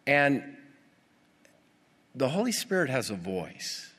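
A male pastor preaching a sermon, animated and putting rhetorical questions to his congregation. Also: mid-range voice, slow, breathy edge. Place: church. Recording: long reverb of a church hall.

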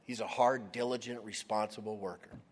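A man's voice: lowish voice, steady tone, brisk, slightly rough. A man preaching a sermon, retelling a story expressively and acting out the voices of its characters. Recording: long hall reverb.

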